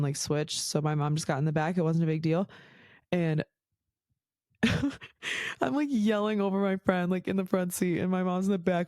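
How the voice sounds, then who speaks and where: A woman's voice: fairly low pitch, warm tone, no echo. Woman podcast host, casual storytelling, swears a lot, filler-heavy, dry close sound. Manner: chatty, swears a lot, says "like" constantly.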